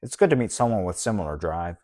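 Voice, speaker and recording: A man's voice: low-pitched, animated, quick pace, dark tone. A man doing a nervous, shaky young student. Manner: hesitant, shaky.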